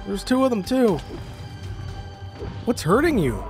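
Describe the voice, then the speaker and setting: Excitable high-voiced male gamer. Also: measured pace, soft background music. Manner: excitable, lots of startled exclamations. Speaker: gaming YouTuber. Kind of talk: let's-play commentary with narration.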